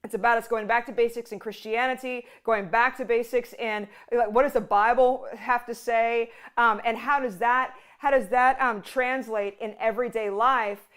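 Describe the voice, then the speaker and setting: A woman's voice: fairly high pitch, steady tone, normal speed, hardly any pauses, fairly bright tone, clean tone. A woman hosting a ministry show, teaching in a casual, conversational way with many "like"s and restarts. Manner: conversational, full of "like" and restarts, acts out quotes. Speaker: ministry host.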